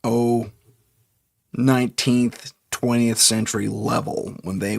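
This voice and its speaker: A man's voice: mid-range voice, measured pace, creaky, a little hiss or hum. A man hosting a live paranormal talk show, rambling casually, correcting himself and chuckling often. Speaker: podcast host.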